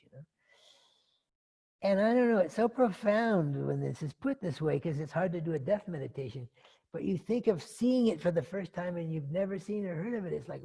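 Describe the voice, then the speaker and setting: A man's voice: sits high, expressive, moderate pace, vocal fry, warm tone, slightly rough. A man giving a dharma talk who retells a story in a rambling, conversational way, full of asides and fillers. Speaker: dharma teacher.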